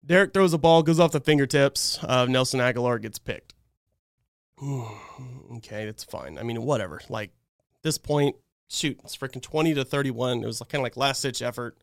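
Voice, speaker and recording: A man's voice: medium pitch, normal speed, vocal fry, no echo, clean studio sound. A man hosting a live fan stream, breaking down a game in a heated, exasperated rant. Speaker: fan channel host.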